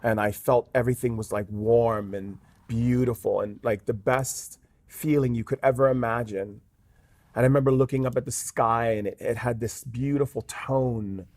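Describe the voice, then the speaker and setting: A man's voice: medium pitch, steady tone, moderate pace, darkish tone, no echo. A man, a guest shaman in an interview, telling a story earnestly with many fillers. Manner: earnest, with frequent "um" and "like".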